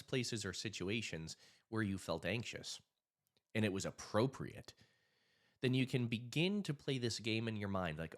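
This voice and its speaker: A man with a low voice talks casually to camera, telling a story and then giving advice. His pitch swings widely as he acts out the people in his story. He sounds like a hypnotist and anxiety coach speaking to his viewers.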